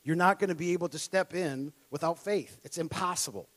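A preacher from Minnesota, his voice fairly high and his pace a little fast, delivers a sermon as a personal story, laughing often and impersonating his younger self in excited tones.

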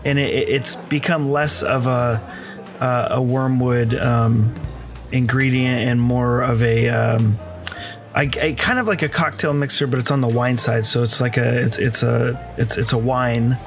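A man's voice: mid-range voice, steady tone, a little slow, soft background music. Rambling American man, casual chat. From United States. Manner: rambling, hesitant, many fillers and restarts. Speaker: podcast co-host.

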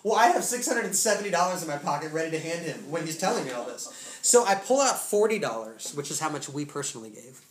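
A man preaching a testimony sermon to a congregation, telling the story in casual, slangy speech with bursts of excitement. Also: fairly high pitch, fast talker, few pauses. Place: church room. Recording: echoey room, faint noise.

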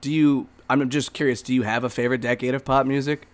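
A man co-hosting a podcast, his voice sitting at a middling pitch. He jokes around, then launches into animated rants in a loose, casual way. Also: fast talker. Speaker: podcast co-host.

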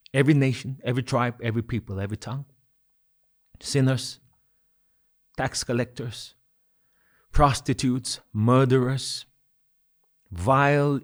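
A middle-aged man from Nagaland, preaching a sermon in emphatic, repetitive phrases that rise and fall in loudness. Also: medium pitch. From Nagaland, India. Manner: emphatic, builds with repeated phrases and swings of loudness.

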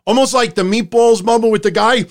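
Sitting high and moving briskly, this middle-aged man's voice carries casual live-stream commentary from a home room under hot lights. As a podcast host, he talks in a loose, rambling, profane way.

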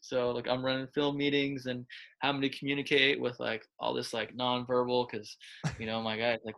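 A man's voice: mid-range voice, little pitch movement, moderate pace, creaky, a bit bright. A man who coaches quarterbacks, telling stories in a casual interview in a loose, chatty way, full of filler words. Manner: loose and chatty, heavy with filler words, acts out quoted lines.

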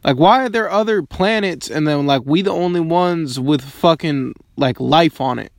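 A man's voice: fairly high pitch, normal speed, gravelly, no echo, clean studio sound. A man in his early twenties rambling casually, swearing often and filling his questions with "like". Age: 20s.

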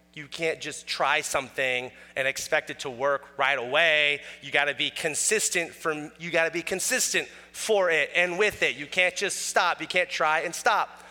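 A man preaching a sermon, telling everyday stories in an animated way and acting out the voices of ordinary people. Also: sits high. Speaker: pastor. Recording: roomy hall with long reverb.

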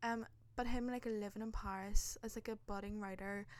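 A woman's voice: mid-range voice, fairly even intonation, moderate pace, no room sound. A young woman, telling a dramatic travel story in casual chat, full of swearing and fillers. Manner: swears a lot, dramatic, lots of likes. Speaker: podcast host.

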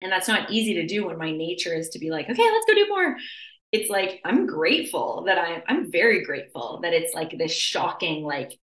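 A young adult woman talks through a casual podcast chat in a lowish voice. She's animated and leans on "like" constantly, acting out her inner voice. The room around her is echoey. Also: a little fast, hardly any pauses. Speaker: podcast host.

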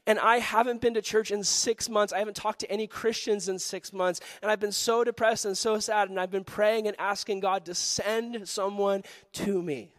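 A man voicing a female store clerk who quietly and tearfully confesses her sadness. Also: sits high, fairly even intonation, moderate pace, hardly any pauses, voice pushed up.

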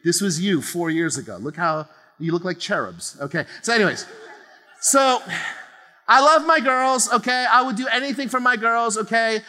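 Chatty high-voiced pastor in a reverberant hall. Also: male voice, expressive, pushed and bright. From New Jersey. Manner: chatty, keeps adding "okay?", quick laughs. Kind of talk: lively sermon to a congregation. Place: large church auditorium. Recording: long hall reverb of a church auditorium.

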